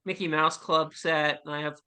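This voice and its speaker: Animated, bright-voiced male podcast guest. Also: a little high, moderate pace, smooth. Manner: animated storyteller, swears, talks over others. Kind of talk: casual chat.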